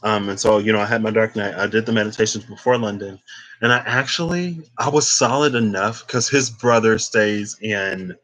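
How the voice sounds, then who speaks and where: A man's voice: lowish voice, normal speed, fairly bright tone. A man who reads tarot, rambling casually in a chatty monologue. He tells stories full of "like" and acts out the dialogue he quotes. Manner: heavy use of filler "like". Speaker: tarot reader.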